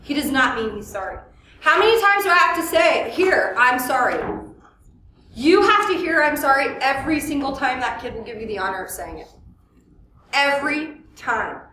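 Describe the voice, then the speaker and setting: A therapist giving a workshop lecture, lively and full of questions for the audience. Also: female voice, high voice, a little hiss or hum. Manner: lively, asks the audience questions, acts out quotes. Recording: echoey room, mic at a distance.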